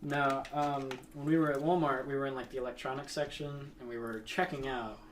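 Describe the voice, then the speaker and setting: A man's voice: mid-range voice, flat delivery, a little fast, recorded from a distance, soft background music. A young man chatting casually, joking and laughing in teasing banter. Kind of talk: casual chat.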